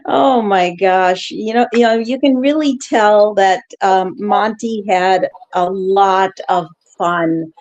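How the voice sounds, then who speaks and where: A woman co-hosting a poetry show, chatting casually and giving praise with halting restarts. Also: mid-range voice, darkish tone, dull audio. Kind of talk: casual chat.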